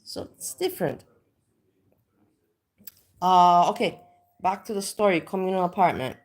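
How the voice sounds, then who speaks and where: Low-voiced woman rambling on a live stream, lots of "you know"s and restarts. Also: animated, measured pace. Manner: rambling, many restarts and fillers. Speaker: livestream host. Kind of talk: casual livestream chat.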